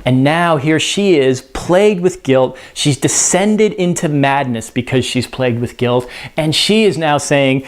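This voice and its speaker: A man's voice: medium pitch, animated, unhurried. A man explaining a play in a casual spoken lesson, conversational and full of "you know" and restarts. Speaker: teacher.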